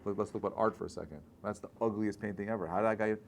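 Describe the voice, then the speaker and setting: Animated rabbi man teaching a class. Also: lowish voice, racing, vocal fry, slight background noise. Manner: conversational, checks in with frequent "right?"; animated, builds to loud bursts. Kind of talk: informal Torah class talk.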